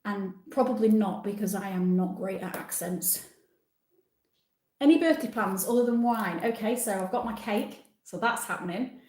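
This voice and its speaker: A woman's voice: mid-range voice, normal speed, darkish tone, echoey room. Chatty woman in her sixties. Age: 60s. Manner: chatty, self-deprecating, reads comments aloud and answers. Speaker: livestream host reading viewer comments. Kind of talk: casual live chat.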